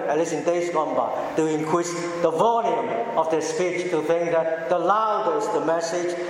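A man preaching a sermon with a measured, emphatic delivery and deliberate pauses, recorded in a church. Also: high-pitched, slight background noise. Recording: echoey hall, heard from a distance.

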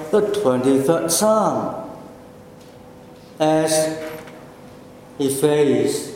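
Slow-preaching man in an echoey hall. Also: a little high, darkish tone. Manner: slow, deliberate preaching with drawn-out phrases. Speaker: pastor. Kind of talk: sermon. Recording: echoey church hall, faint room noise.

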